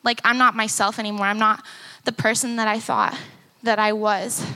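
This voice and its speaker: A woman's voice: mid-range voice, flat delivery, normal speed, bright, forceful tone. A young woman speaking at a conference, telling her story in a conversational way and acting out remembered dialogue. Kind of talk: personal testimony talk. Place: conference stage before teens.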